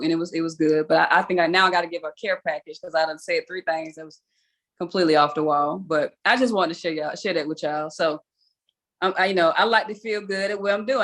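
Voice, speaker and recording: This young adult woman has a fairly low voice with a bit of brightness to it. While hosting a weekly video call, she tells a casual story in a chatty, self-deprecating way, breaking into laughter frequently.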